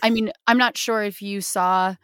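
A young woman co-hosting a casual film podcast, animated and playfully sarcastic, laughing often. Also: mid-range voice, moderate pace, smooth, no room sound, clean studio sound. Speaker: podcast co-host. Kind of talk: casual chat about films.

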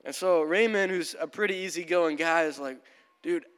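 A man's voice: fairly high pitch, a little fast, a bit bright, smooth. A young male pastor preaching a sermon in a casual, storytelling manner in a church. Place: church sanctuary. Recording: long church hall reverb.

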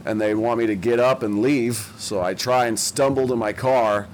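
A man's voice: medium pitch, fairly even intonation, moderate pace, a little hiss or hum, rough recording. A young man, telling a long story in casual chat, with a lot of swearing and self-mocking asides. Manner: profane, rambling, self-mocking.

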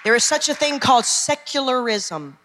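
A woman's voice: high voice, lively intonation, moderate pace, a crowd in the background, background noise. A woman pastor, preaching an emphatic sermon and calling out to her congregation. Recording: long hall reverb.

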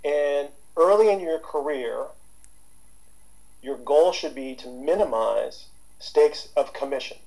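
Rambling man with a dark, mellow voice. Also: fairly high pitch, animated, a little slow, creaky, low-quality recording. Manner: rambling, with many fillers and restarts. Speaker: guest therapist. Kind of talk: casual interview talk.

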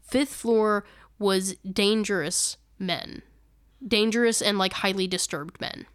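A young woman co-hosting a paranormal podcast, her smooth voice recorded close and dry. She rambles through the story, backtracks to fix details, and laughs easily. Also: mid-range voice, fairly even intonation, takes it slowly, dry recording. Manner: rambling, self-correcting, laughs often. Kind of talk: casual storytelling chat.

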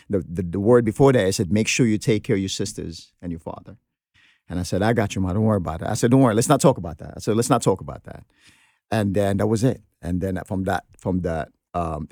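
Deep raspy guy, heartfelt chat, dry close mic. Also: a little mellow, no room sound. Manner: earnest, heartfelt storytelling with many restarts. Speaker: guest sharing a personal story. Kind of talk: emotional podcast conversation.

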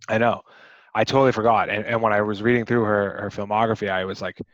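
A man's voice: lowish voice, fairly even intonation, fast talker, no echo, dull audio. A man co-hosting a podcast, chatting casually about a movie, rambling with many restarts and fillers. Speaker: podcast co-host.

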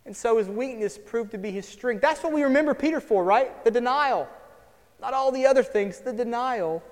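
Pastor guy preaching, pretty high voice, goes from hushed to punchy, long church echo. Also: fairly quick. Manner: earnest, swings from hushed to emphatic. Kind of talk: sermon. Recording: long hall reverb.

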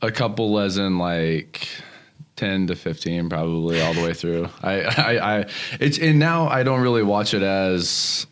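A young man with a very low, deep voice chats in a relaxed interview, full of "you know" fillers and restarts. He grew up near Houston but speaks without a regional twang, and he laughs easily as he talks. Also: a little slow. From Texas, near Houston. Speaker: guest. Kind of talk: casual conversational interview.

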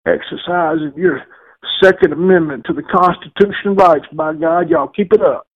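A man's voice: high voice, moderate pace, creaky, slightly rough, pitched above the performer's own voice, exaggerated voice. A man voicing a proud, folksy old man, in a tinny phone-like radio recording.

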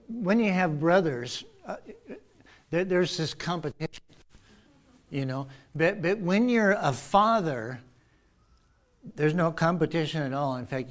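A pastor speaking to his congregation, conversational and earnest. He is a man with a somewhat high voice who talks through the church's partners in a plain, direct way. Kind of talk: church announcements.

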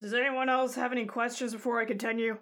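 A woman narrating a tabletop game as game master, halting with many restarts, admitting her tone sounds flat. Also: on the high side.

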